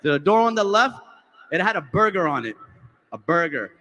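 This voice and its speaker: On a large convention hall stage, an American emcee tells a stand-up anecdote at normal speed, animatedly acting out the dialogue in lowered voices. The rough recording has a long reverb tail and a little hiss or hum.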